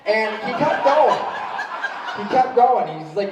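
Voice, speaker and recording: A man doing a stand-up set with animated storytelling and shouted kid voices. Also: sits high, fairly quick, a crowd in the background. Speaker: stand-up comedian. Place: comedy club stage. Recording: echoey live room from far off.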